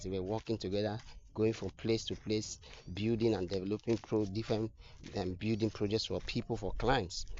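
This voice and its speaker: A man's voice: fairly low pitch, a little mellow. A man telling an inspirational moral story as a motivational speaker, earnest and emphatic, often repeating phrases, on a slightly muffled recording.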